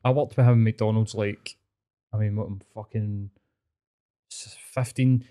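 A man's voice: on the low side, fairly even intonation, measured pace, dark tone, clean tone. A Scottish man in his thirties co-hosting a podcast, chatting in an easygoing, sweary way. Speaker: podcast co-host. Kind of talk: casual chat.

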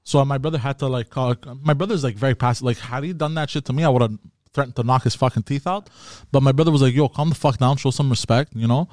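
A man in casual podcast chat tells a rambling story at an even middle pitch, stopping and restarting as he goes. His voice sits close and dry on the mic, with no room sound around it. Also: fast, no echo. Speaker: podcast co-host.

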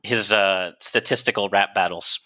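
A man's voice: fairly low pitch, fairly even intonation, moderate pace, bright, forceful tone. A man co-hosting a casual podcast, a doctor who explains facts with playful jokes. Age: adult, a doctor. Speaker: podcast co-host.

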